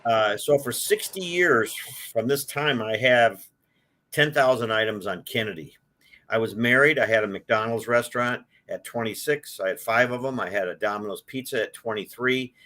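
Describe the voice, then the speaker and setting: A Detroit collector in his sixties tells his life story as a guest in a casual chat, rambling with many fillers and restarts. His mid-range voice is bright and forceful, at a moderate pace.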